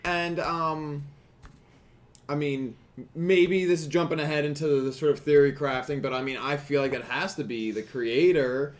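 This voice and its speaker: A man's voice: a little high, fairly even intonation, normal speed. A man cohosting a podcast, musing in a hesitant, laid-back way with frequent fillers. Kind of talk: casual podcast discussion.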